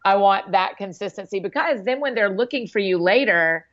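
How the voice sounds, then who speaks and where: A bubbly, chatty woman being interviewed on a podcast, laughing often as she talks. Her voice sits at a middling pitch. The audio is a little dull and muffled. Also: expressive, normal speed. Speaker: podcast guest, author. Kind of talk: casual interview chat.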